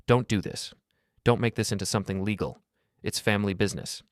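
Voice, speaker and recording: Man voicing a grown son caught out, pleading, defensive, deep voice, dry close sound. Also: fairly even intonation, brisk, no room sound, close to an everyday voice. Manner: defensive, begging.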